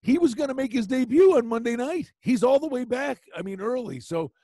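A man hosting a casual sports chat, telling stories in an animated way. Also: very high-pitched, brisk, no room sound, clean studio sound. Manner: animated storyteller.

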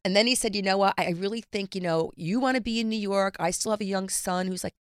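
A middle-aged woman telling a personal story in casual chat, candid and lively, acting out the voices she quotes. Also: mid-range voice, fast, clear, resonant tone, no echo, studio quality. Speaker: guest.

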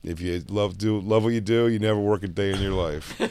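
A man co-hosting a podcast, trading crude, animated jokes and laughing often in casual banter. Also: fairly low pitch, a little fast, crowd noise. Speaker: podcast co-host.

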